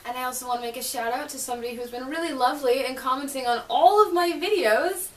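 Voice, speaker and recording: A woman's voice: high-pitched, quick pace, fairly bright tone. Giggly young woman vlogging in a roomy space. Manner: giggly, chatty, sarcastic asides. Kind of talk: casual vlog chat and reading aloud. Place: bedroom, spinning in a chair. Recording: roomy, distant, faint hiss.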